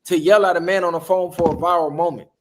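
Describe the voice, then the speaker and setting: A man's voice: high-pitched, fairly even intonation, fast talker. A man hosting a casual podcast, telling a story in a heated, emphatic way. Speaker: podcast host.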